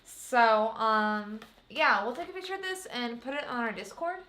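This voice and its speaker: A woman's voice: a little high, expressive, moderate pace, pushed and bright. A woman co-hosting a casual podcast, reading items off a list in a chatty, giggly way. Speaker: podcast co-host. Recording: roomy room echo.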